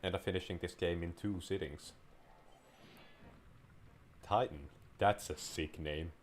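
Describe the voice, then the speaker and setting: Slight background noise sits under a man's low voice as he talks at a measured pace. A gaming video creator, he jokes and rambles in casual, playful commentary while he plays.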